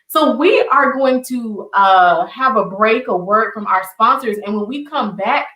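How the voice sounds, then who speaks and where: A woman hosting an online community show, speaking in a measured, emphatic way and addressing viewers directly. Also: a little high, animated, sharp tone. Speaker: show host. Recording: echoey room, far from mic.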